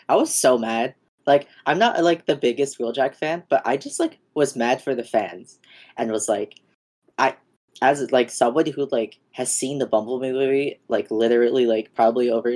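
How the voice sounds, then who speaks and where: A young woman co-host with an extremely deep voice talks loosely and fast-thinking, piling on "like" and swearing as she rants. Her tone is plain and unhurried, casual podcast chat. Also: darkish tone. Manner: ranting, heavy use of "like" and swearing.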